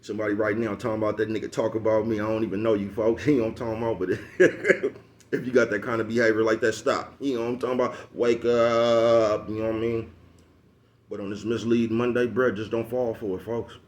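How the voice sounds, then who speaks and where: A man with a low voice talks straight to camera in a blunt, profane advice rant. He preaches with heavy slang, calls his listeners "bruh" and "folks", and keeps looping back to check they follow. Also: level tone, quick pace. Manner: profane, preachy, repeats "you know what I'm talking about". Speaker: vlogger giving street advice. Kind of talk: casual advice monologue.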